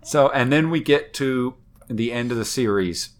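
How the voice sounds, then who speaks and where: A podcast co-host with a medium-pitched voice and moderate pace retells a cartoon episode in casual chat. His storytelling is animated, with wry, swearing humor.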